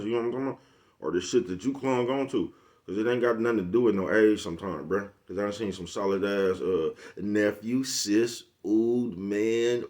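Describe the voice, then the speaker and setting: A man's voice: lowish voice, a little mellow. A man with a Bay Area accent talking casually to camera in a slangy, rambling monologue and laughing often. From San Francisco Bay Area. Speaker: vlogger.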